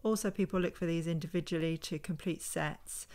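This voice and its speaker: A woman's voice: on the low side, fairly even intonation, brisk, a little mellow. A woman, a vintage homeware reseller, chatting unhurriedly at home in a casual show-and-tell vlog and thinking aloud as she handles items.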